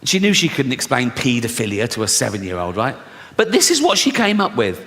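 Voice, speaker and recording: A man's voice: mid-range voice, wildly swooping pitch, brisk, fairly bright tone. A middle-aged man performing a stand-up comedy routine, telling stories in a conversational way, swearing freely and acting out quoted voices. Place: large theatre with audience. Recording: live stage mic in reverberant hall. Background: audience laughter.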